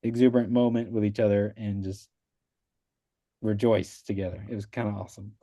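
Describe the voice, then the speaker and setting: The voice is lowish and dark, level in tone and brisk, captured with no echo at studio quality. It belongs to an adult guest, a father with a wife and young kids, who casually describes passing his exam on a video call, rambling, saying "like" a lot, and performing the voices of people he quotes.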